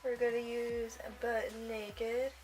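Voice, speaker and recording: A woman's voice: fairly high pitch, flat delivery, takes it slowly, darkish tone, soft background music, poor audio. A young woman giving a casual makeup tutorial, chatty and rambling, often trailing off and giggling to herself. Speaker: makeup vlogger.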